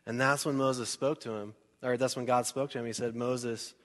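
A male pastor preaches in a relaxed, chatty way, firing questions at the congregation and slipping into quick acted bits. His pitch sits at a middling level. His voice carries through a large church hall with a long trailing reverb. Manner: conversational and animated, asks the crowd questions, acts out scenes. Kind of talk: sermon.

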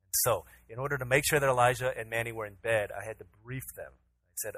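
Brief: male pastor, 30s, bright, forceful voice, storytelling sermon that acts out the dialogue. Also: mid-range voice, steady tone, fast talker, a little hiss or hum, poor audio. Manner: storytelling, acts out his own pleading voice to his toddler.

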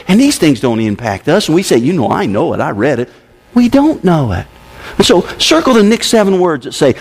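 High, lively-voiced preacher man. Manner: emphatic preaching, with sudden swings between loud and hushed. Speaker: pastor. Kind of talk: sermon. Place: church service.

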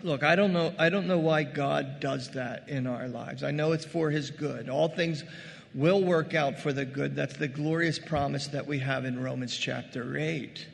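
A male pastor delivering a conversational, animated sermon, calling his congregation "gang" and acting out scripture scenes. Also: on the high side, normal speed, vocal fry, long reverb tail, slight background noise. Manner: addresses the congregation as "gang" and "guys".

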